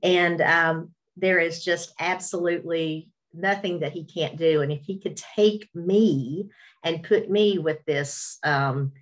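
Middle-aged woman w appalachian southern accent, kinda low voice, self-deprecating storyteller, faith talk, webinar call. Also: slow pace. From Virginia, USA. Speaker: radio host, webinar speaker. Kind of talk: personal testimony talk. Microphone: webinar video call.

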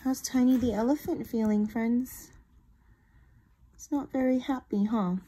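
A woman teacher reading a picture book aloud to children, expressive and asking the listeners questions. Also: fairly high pitch, a little slow, a little hiss or hum. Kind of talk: read-aloud storytelling for children.

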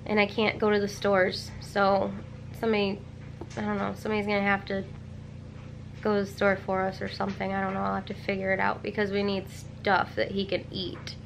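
A woman's voice: mid-range voice, monotone, brisk, creaky, a little hiss or hum. A young woman and mom talking casually to her handheld camera at home, rambling and tired, with lots of "like" fillers. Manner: chatty and rambling, many "like" fillers. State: tired and emotional. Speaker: mom vlogger. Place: home living room.

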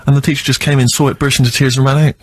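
A man's voice: medium pitch, flat delivery, very fast. A man co-hosting a radio show, recalling school days in a rambling, reflective way. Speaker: radio co-host. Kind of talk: casual radio chat.

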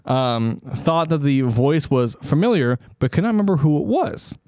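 A man's voice: fairly high pitch, sing-song, normal speed, mellow, no echo. Casual man telling a story on a podcast. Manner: stumbling over names, joking asides. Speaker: podcast co-host.

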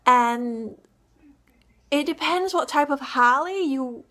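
A woman's voice: on the high side, fairly even intonation, measured pace, a bit bright. A young woman from Hull with a Yorkshire accent, chatting in a giggly, rambling vlog. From Yorkshire, England. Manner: giggly and rambling, many fillers. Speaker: cosplayer and vlogger. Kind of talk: casual vlog chat.

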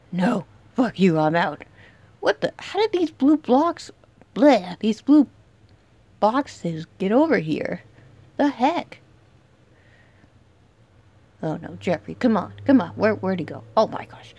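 A woman's voice: medium pitch, big pitch swings, takes it slowly, pauses often, breathy edge, dry recording. Dramatic young woman gaming, dry close mic. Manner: dramatic, shouts and taunts at the game villain. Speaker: gaming youtuber. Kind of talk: excited let's-play commentary.

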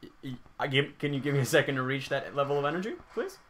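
A man co-hosting a let's play, chatting and reacting excitedly with lots of swearing. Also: medium pitch, rapid-fire. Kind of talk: casual gaming commentary.

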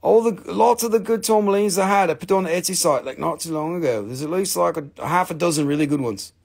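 Gravelly, profane man selling rocks live. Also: sits high, quick pace, darkish tone. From Appalachian Valley, USA. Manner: rambling, profane, joking. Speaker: live-stream rock and mineral seller. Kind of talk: casual live sales chat.

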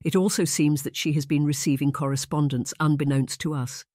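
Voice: mid-range voice, fairly even intonation, fairly quick, a little mellow, no room sound, studio quality, lightly acted. A narrator voicing a scolding, near-hysterical middle-aged mother in a period audiobook. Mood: accusing. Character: indignant middle-aged mother, shrill and theatrical. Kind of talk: audiobook character voice.

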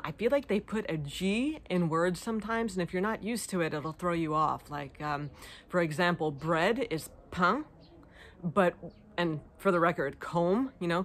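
A woman from the United States answering viewer questions in a casual vlog, chatty with lots of ums and likes. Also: fairly low pitch. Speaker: vlogger.

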